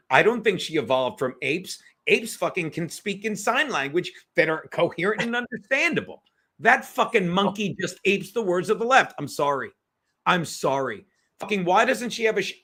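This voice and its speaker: A man with a high, somewhat bright voice co-hosts a podcast, talking politics casually in a profane, rambling and combative way.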